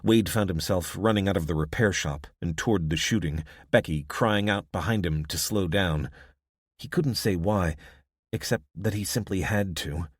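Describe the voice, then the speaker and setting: Brief: male narrator, deep, measured scripted audiobook delivery, dry sound. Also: slightly rough, no echo. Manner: steady, measured storytelling.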